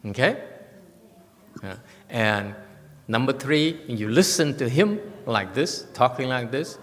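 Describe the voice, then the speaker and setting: A man teaching meditation in an informal talk, speaking haltingly with many restarts and repeated words. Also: medium pitch, animated. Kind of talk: informal dharma talk with questions. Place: meditation hall. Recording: long hall reverb.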